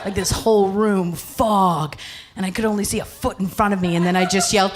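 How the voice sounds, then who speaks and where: A woman's voice: fairly high pitch, quick pace, raised voice, noisy background. A young woman performing a stand-up comedy set on a club stage, telling a story and acting out the voices of people in it, often laughing as she talks. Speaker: stand-up comic.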